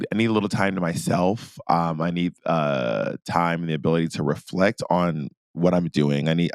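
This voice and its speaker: Animated low-voiced man telling stories. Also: no room sound, studio quality. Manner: animated storyteller, stammering restarts. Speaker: guest entertainer. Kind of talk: casual podcast chat.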